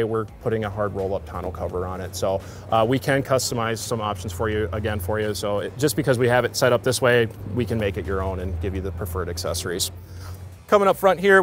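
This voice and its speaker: A man's voice: medium pitch, a little hiss or hum. An American man, a car salesman, giving an upbeat walkaround of a truck outdoors at a dealership, with frequent fillers. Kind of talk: vehicle walkaround presentation.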